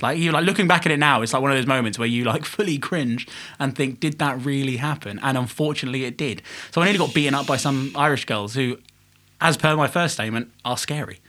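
A man's voice: on the high side, quick pace, pushed and bright. A man co-hosting a podcast, telling rambling, self-mocking stories in casual chat. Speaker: podcast co-host.

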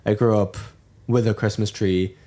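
Young male co-host from Germany, low voice, loose rambling chat. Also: steady tone, normal speed, mellow. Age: young adult. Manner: rambling, many restarts and fillers. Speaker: podcast co-host. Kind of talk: casual chat.

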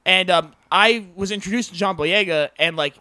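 Brief: high, bright, smooth-voiced man, rambling casual chat, dry close mic. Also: normal speed, no echo. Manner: rambling, many fillers.

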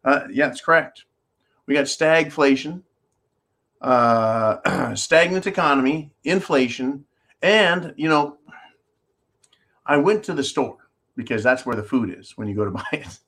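A man runs a call-in style commentary show, reading viewer comments aloud and ranting sarcastically, swearing freely as he rambles and holding objects up to a camera. His mid-range voice is a bit bright, and he speaks at a measured pace with frequent pauses.

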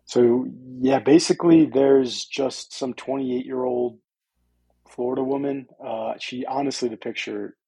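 A man's voice: medium pitch, creaky, slightly rough, no echo, poor audio. A man producing a sports podcast, reading out a story hesitantly with many ums and uhs. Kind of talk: casual sports chat.

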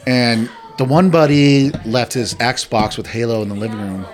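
A man in a casual chat, telling a story in a relaxed, offhand way and swearing freely. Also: mid-range voice, normal speed.

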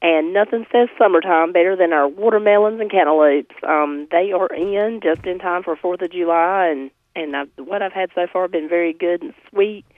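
A woman with a slightly hoarse voice, cheerfully reporting by phone on a farmers market, listing produce with lots of ums. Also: on the low side, normal speed, hardly any pauses, no room sound. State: slightly hoarse, recovering from laryngitis. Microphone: phone call. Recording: tinny phone line.

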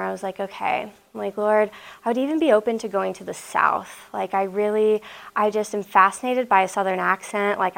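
A young woman from Nebraska tells a personal story to a school assembly. She talks in a lively, chatty way, peppering her speech with "like." Her voice has a gravelly fry at mid pitch. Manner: lively, chatty, many "like" fillers. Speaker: missionary speaker. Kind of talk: storytelling talk.

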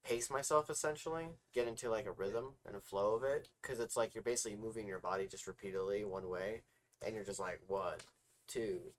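A man with a fairly low voice co-hosts a casual podcast. His stories ramble loosely, with lots of "like" fillers and restarts as he goes. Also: fast talker. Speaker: podcast co-host.

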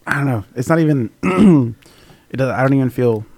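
A man's voice: mid-range voice, animated, normal speed, vocal fry, a little mellow, dry recording. Crude laughing young man, bro talk. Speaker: podcast co-host. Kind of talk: casual beer-tasting chat.

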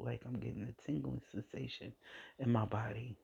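A woman hosting a podcast, telling a personal faith testimony in an emotional, halting way and often repeating her phrases. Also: very deep voice, fairly even intonation, vocal fry, warm tone, slightly rough. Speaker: podcast host. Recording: dull lo-fi recording.

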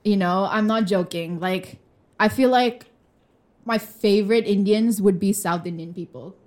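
A woman's voice: mid-range voice, measured pace, darkish tone. Chatty young woman podcast co-host. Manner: chatty, filler-heavy, candid and laughing. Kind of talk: casual chat. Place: room with a glass wall.

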